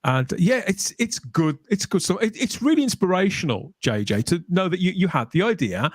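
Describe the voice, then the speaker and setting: A man's voice: high-pitched, sing-song, normal speed, no room sound. A man hosting a live stream, reading out chat comments and asking his guest questions with enthusiasm.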